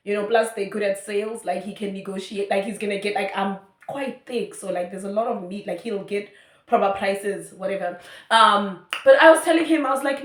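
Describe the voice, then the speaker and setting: A woman's voice: mid-range voice, a little fast. South african girl chatting a storytime, lots of "like", roomy sound. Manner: animated, chatty, many fillers. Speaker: YouTuber. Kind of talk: storytime vlog.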